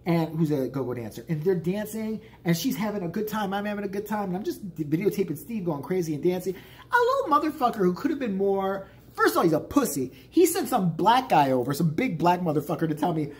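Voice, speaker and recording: A man's voice: high voice, very animated, fairly quick. A man in his forties telling a story as a vlogger, in a profane, exasperated, ranting way. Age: 40s.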